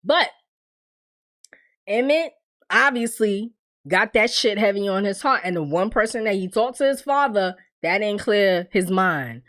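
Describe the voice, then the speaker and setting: Lively, candid woman recapping a show. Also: medium pitch. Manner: animated storytelling, acts out characters' lines; candid, swears freely. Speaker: TV recap reviewer. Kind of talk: casual recap commentary.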